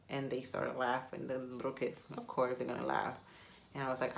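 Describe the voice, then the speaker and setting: A woman's voice: very deep voice, completely flat delivery, a little fast, vocal fry, a little hiss or hum. Chatty woman, native Spanish speaker. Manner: chatty, rambling, self-mocking. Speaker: vlogger. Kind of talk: casual chat to camera.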